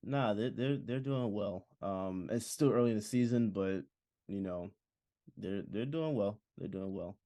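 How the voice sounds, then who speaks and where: A man's voice: on the low side, unhurried, dark tone, no room sound. A man co-hosting a sports podcast, laid-back and agreeable, talking casually. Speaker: podcast co-host.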